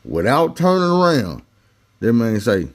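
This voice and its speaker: A man's voice: medium pitch, huge pitch swings, unhurried, gravelly. A man casually telling a personal story in slangy, conversational talk, acting out the people he quotes.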